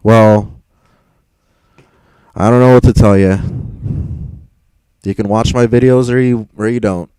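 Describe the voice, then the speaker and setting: A man's voice: lowish voice, steady tone, measured pace, pauses often, dark tone, clean tone, dry recording, poor audio. A young man live streaming and answering chat, frustrated and rambling, swearing and stumbling over repeated words.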